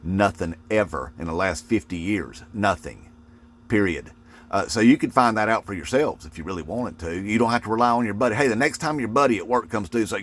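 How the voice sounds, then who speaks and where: A man's voice: fairly low pitch, a bit bright. Folksy mocking man ranting. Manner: folksy, mocking, full of "uh" fillers. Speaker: political video commentator. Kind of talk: casual rant to camera.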